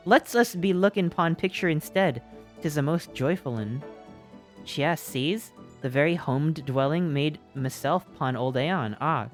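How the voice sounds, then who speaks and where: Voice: mid-range voice, voice pushed up, lightly acted. A streamer voicing an ancient, whimsical forest being who rambles in quaint, broken, archaic phrases and calls the listener "my love.".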